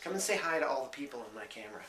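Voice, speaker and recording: Bright, roomy-sounding chatty man. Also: medium pitch, expressive, rapid-fire, recorded from a distance, slight background noise. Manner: chatty, hesitant with lots of fillers. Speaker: vlogger and small business owner. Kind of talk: casual rambling vlog update.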